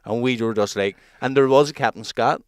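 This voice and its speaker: A man's voice: mid-range voice, fairly quick, clean tone, no echo. Man, 30s, podcast co-host, casual storytelling, resonant voice, dead dry sound. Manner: swearing, storytelling with quoted voices and laughs. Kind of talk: casual banter.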